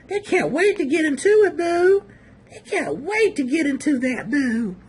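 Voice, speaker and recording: Sassy high-voiced woman commentator. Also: sing-song, unhurried, a little mellow. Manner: sassy, calls viewers boo and honey. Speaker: video commentator. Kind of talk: casual mocking commentary.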